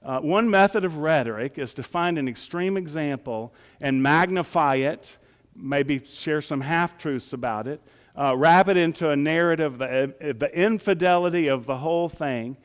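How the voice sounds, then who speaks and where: A man's voice: fairly high pitch, normal speed, in a large hall. A male pastor preaching a sermon in a folksy, conversational way, often asking the congregation rhetorical questions.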